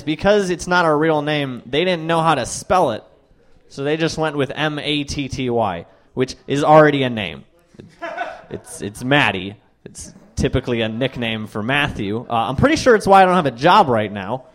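A young man performing stand-up. His pitch swings widely as he acts out quoted lines. His delivery is wry and conversational, with the stories building to punchlines. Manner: wry storytelling with voiced asides. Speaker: stand-up comedian. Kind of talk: stand-up comedy set.

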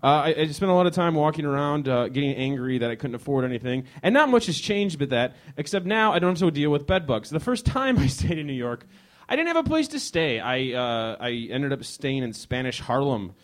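A man's voice: fairly high pitch, expressive, brisk. A man from Chicago doing a rambling stand-up set in a hostel lounge, teasing the audience and often restarting his sentences. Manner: rambling, teasing the crowd, frequent self-interrupting restarts. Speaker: comedian performing for a small live audience. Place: hostel lounge, leaning on a leather couch.

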